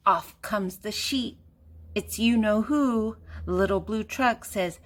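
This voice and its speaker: A woman's voice: medium pitch, slow. An older woman reading a children's picture book aloud, with a playful sing-song delivery and fun animal sounds.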